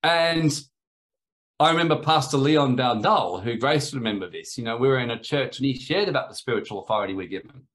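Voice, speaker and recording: A man teaches in a loose sermon style, telling one story after another. His voice sits at an ordinary middle pitch. He drifts through fillers and restarts and acts out the people he quotes. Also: brisk, fairly bright tone. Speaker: spiritual teacher.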